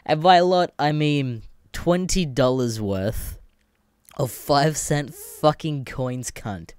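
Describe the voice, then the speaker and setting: A man's voice: mid-range voice, slow, a little mellow, clean tone, no room sound, clean studio sound. A young Australian man hosting a podcast alone, chatting in a rambling, sweary way and laughing often. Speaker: podcast host. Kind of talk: casual solo chat.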